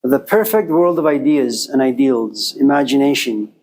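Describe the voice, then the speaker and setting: A man giving a lecture and telling a story with lively, acted-out voices. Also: mid-range voice, moderate pace, low-quality recording. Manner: animated storyteller, acting out voices.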